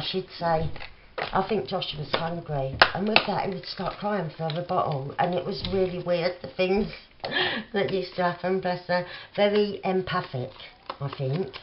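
Casting note: middle-aged Cockney woman, craft vlogger, low unhurried voice, dull lo-fi home recording with clear background noise. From England. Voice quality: soft, rambling with many fillers. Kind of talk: casual chatty crafting commentary.

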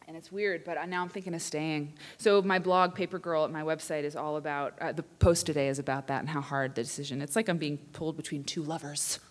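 A woman in her thirties telling a funny personal story live, chatty and self-deprecating with animated asides. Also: fairly low pitch. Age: 30s. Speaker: writer and quilter performing for students.

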